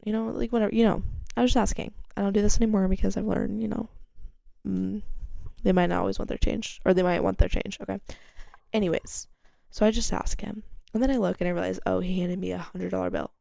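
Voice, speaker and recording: A young woman spinning a casual story for her podcast, with a gravelly fry running through a dark, relaxed tone. She talks candidly, swears freely and leans hard on "like", and her voice leaps up when she quotes someone. The sound is close and dry, with no room around it. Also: fairly quick, no room sound. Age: young adult. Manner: chatty and candid, swears freely, heavy use of "like"; animated when quoting others, with sharp jumps in pitch and loudness. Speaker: podcast host.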